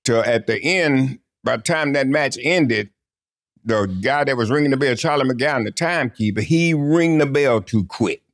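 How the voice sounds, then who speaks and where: Older man telling lively stories. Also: medium pitch, moderate pace. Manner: lively anecdotal storyteller who acts out quotes. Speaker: interview guest. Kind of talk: casual storytelling interview.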